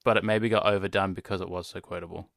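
A man's voice: deep voice, fairly even intonation, quick pace, vocal fry, fairly bright tone, no room sound. A man co-hosting a podcast in casual chat, talking in a dry, matter-of-fact way. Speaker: podcast co-host.

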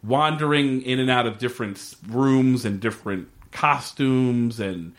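A man's voice: medium pitch, a little slow. A man in casual podcast chat, recapping a TV episode and animatedly quoting its characters, with lots of filler words.

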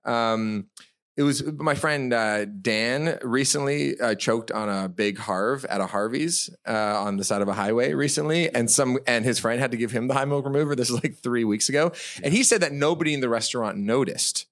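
A man with a medium-pitched voice co-hosting a live comedy podcast. He rambles through his story, stacking fillers and restarts, and gets excitable as he goes. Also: normal speed. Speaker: podcast co-host.

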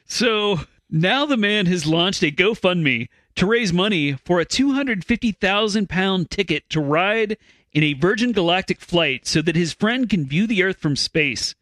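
A man's voice: high voice, animated, unhurried, fairly bright tone, dry recording. A man co-hosting a comedy news podcast, reading stories aloud with jokey asides.

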